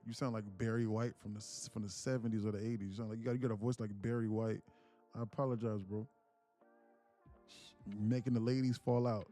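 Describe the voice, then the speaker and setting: Male livestream host, mellow voice, playful slang, faint music behind. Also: fairly low pitch. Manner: joking, playful, slangy, often puts on a voice. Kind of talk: casual livestream chat.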